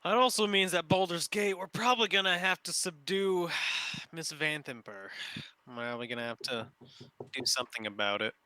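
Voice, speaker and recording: Tabletop player, man with a very bright voice, eager, dry close sound. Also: fairly high pitch, moderate pace, no echo. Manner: eager, thinks aloud. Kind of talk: casual tabletop game chat.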